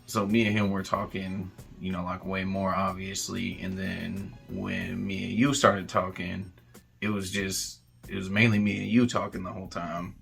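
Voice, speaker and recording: Gravelly, bright-voiced man explaining himself. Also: low voice, level tone, normal speed, soft background music. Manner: earnest, apologetic, rambling with fillers. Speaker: co-host. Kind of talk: casual chat, explaining himself.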